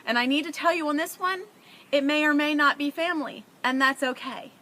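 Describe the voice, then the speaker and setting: A woman's voice: high-pitched, fairly quick, bright, forceful tone. A middle-aged woman talking earnestly and emotionally to her viewers, sharing parenting advice in a conversational way. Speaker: parent vlogger. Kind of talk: heartfelt advice to camera.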